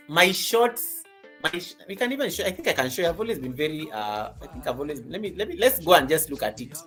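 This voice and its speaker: A woman from Kenya teaching creators on a live stream, lively and teasing, laughing often. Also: low voice. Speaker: YouTube coach hosting a live stream.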